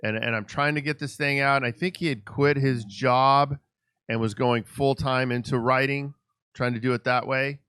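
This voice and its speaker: A man hosting a podcast interview, telling a story with lively acted-out dialogue. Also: mid-range voice, moderate pace, clean tone, no echo, studio quality. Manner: animated storyteller who acts out quoted dialogue. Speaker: podcast host. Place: Los Angeles.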